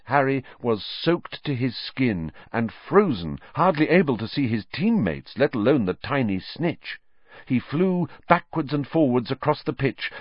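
A man narrating a novel as an audiobook in an expressive storytelling way. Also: medium pitch, dry recording, muffled recording. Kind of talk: scripted narration.

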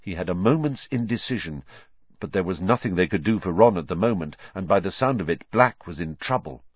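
A man reading a story aloud with slow, tense, expressive narration. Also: low-pitched, husky, no room sound, dull audio. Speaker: audiobook reader.

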